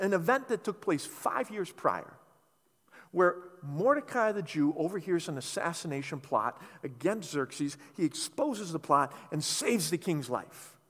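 A man preaching a sermon, telling a scripture story in an animated, conversational way. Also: sits high. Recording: reverberant hall.

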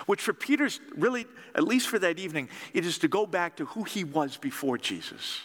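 A man preaching a sermon in a lively, conversational storytelling way. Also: sits high, a little fast, hardly any pauses, big-room sound. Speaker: pastor.

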